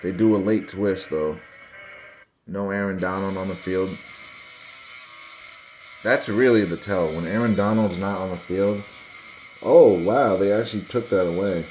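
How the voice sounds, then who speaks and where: A man's voice: deep voice, unhurried, pauses often, darkish tone, soft background music, rough recording. A man hosting his own sports video, talking casually over game footage in a dismissive, conspiratorial way, speaking straight to his viewers.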